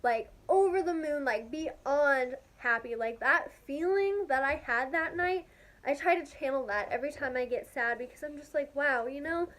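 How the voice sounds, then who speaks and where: A young woman with a high voice chats casually to her vlog audience. She gushes with excitement and peppers every sentence with "like". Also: moderate pace. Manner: gushing, excitable, heavy use of "like". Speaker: vlogger. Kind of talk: casual storytelling to camera.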